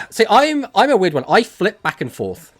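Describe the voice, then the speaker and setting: A man's voice: high voice, wildly swooping pitch, unhurried, vocal fry, slightly rough. A man with an English accent, casting a card tournament on a live stream, chatting and joking as he reads out and answers messages from his chat.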